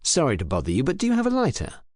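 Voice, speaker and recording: A man's voice: fairly high pitch, huge pitch swings, rapid-fire, darkish tone, no room sound, voice pushed up. A man voicing a scheming English husband who talks with false politeness. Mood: falsely polite. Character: scheming English husband, middle-aged, cold.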